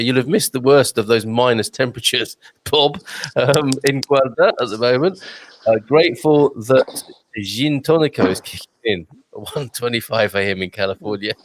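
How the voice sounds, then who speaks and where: Lively, chatty male live-show host. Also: medium pitch, dry recording. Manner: upbeat, chatty, many fillers and restarts. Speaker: talk show host reading viewer comments. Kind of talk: casual live-stream chat.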